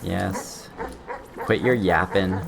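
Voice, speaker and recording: A man's voice: sits low, extremely slow, creaky, over music. A man streaming a video game, thinking aloud with frequent swearing, restarts and sudden yelps when things go wrong. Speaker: streamer playing a game blind. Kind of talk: casual gameplay commentary.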